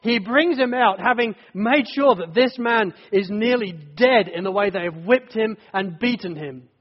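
Preacher guy, high voice, earnest vivid storytelling, long echo in a dull-sounding church. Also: a little slow. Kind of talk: sermon. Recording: dull echoey church hall.

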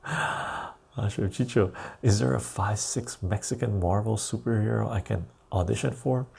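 Slow gravelly man. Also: lowish voice, darkish tone. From Canada. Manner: rambling, reads viewer comments aloud and answers them. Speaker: live stream host. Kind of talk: casual live stream chat.

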